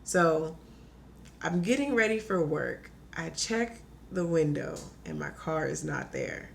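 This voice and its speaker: A young woman tells a story in easy, casual talk. Her voice sits a little low for a woman. She keeps it lively and fills it with "like", slipping into the voices of her own quotes. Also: slow pace, gravelly, a little hiss or hum. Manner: animated, says "like" a lot, acts out her own quotes. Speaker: podcast guest.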